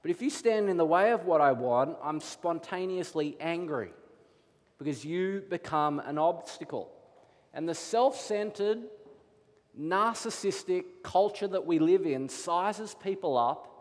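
A man in his thirties preaches from the pulpit, his voice sitting a little higher than most men's. His delivery is lively, and the sound carries a long reverb from a large hall. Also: measured pace. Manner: animated storytelling, acts out his children's voices. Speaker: pastor. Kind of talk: sermon.

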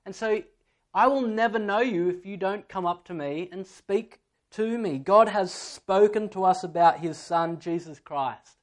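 A man's voice: high-pitched, measured pace. Man preaching a sermon. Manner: storytelling, acts out a child's voice in anecdotes. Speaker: pastor.

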